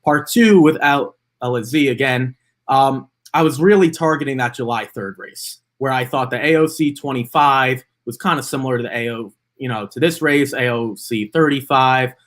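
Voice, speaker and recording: A man's voice: mid-range voice, moderate pace, fairly bright tone. A man co-hosting a horse racing podcast, talking through his picks in a casual chat, with frequent fillers and restarts as he thinks aloud. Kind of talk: casual betting analysis chat.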